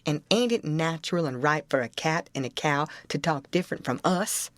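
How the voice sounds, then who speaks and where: A woman's voice: deep voice, animated, normal speed, a bit bright, no echo, pitched below the performer's own voice. Woman voicing a patient reasoning young boy. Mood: explaining. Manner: plain, explaining. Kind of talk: audiobook reading.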